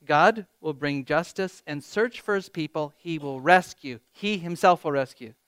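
A man preaching a sermon as pastor, animated, reading scripture with rising emphasis and joking about himself. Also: fairly high pitch, unhurried, smooth, no room sound. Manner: animated, quotes scripture with rising emphasis, self-deprecating humor.

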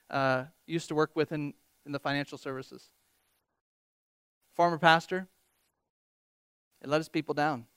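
Animated pastor preaching, crisp dry voice. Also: male voice, on the high side, no room sound. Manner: animated, quotes scripture with rising emphasis, self-deprecating humor. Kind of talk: sermon.

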